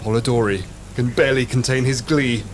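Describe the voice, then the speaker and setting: A man's voice: medium pitch, fairly even intonation, brisk. A man acting as game master, narrating a tabletop game dramatically. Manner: dramatic, storytelling. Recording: noisy podcast recording.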